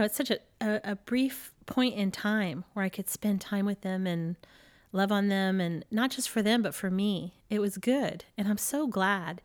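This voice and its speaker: Forties woman, co-host and ministry leader, candid and lively storyteller in casual spousal chat. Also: medium pitch. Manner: candid, animated storytelling with laughs.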